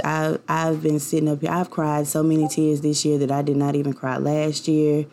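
A young woman hosts her own podcast in a loose, confessional monologue. Her voice sits low for a woman and carries a gravelly fry. She rambles warmly from thought to thought, full of likes and you knows. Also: completely flat delivery, moderate pace. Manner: rambling and heartfelt, many fillers. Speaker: podcast host. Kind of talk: casual personal podcast monologue.

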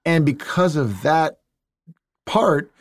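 A man in his thirties, a guest actor and writer, telling animated stories in a casual interview. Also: a little high, no room sound, clean studio sound. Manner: animated, quick to act out quotes.

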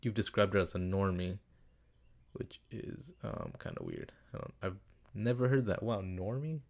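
This young man has a deep, darkish, sing-song voice with vocal fry and speaks at normal speed. He hosts a casual advice podcast at home on a desktop computer setup, street noise audible through the window, rambling, swearing and straying off topic as he reads listener questions.

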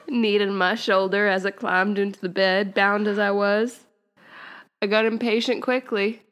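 Podcast co-host, female, mid-pitch, reads a text aloud, keeps cracking up and cutting in with dry asides. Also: fairly bright tone. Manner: keeps breaking into laughter and wry asides while reading. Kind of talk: reading fan fiction aloud on a casual podcast.

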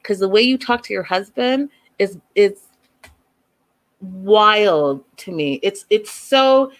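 Woman, reality show recap vlogger, blunt, emphatic, casual, mid-pitched voice. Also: lively intonation, slow. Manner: emphatic, blunt, talks straight to "you guys". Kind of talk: casual opinionated commentary to viewers.

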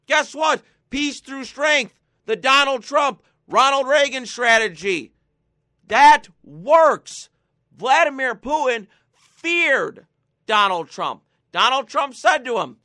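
A man's voice: extremely high pitch, sharp tone, dry recording, studio quality. A man hosting a political talk show, ranting sarcastically and mocking his targets. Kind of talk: political commentary.

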